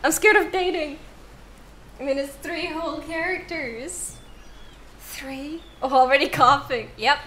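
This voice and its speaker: A woman's voice: high voice, a little slow, pushed and bright, a little hiss or hum. A young woman streaming a game from home, reading the game text aloud and chatting playfully with viewers, often giggling.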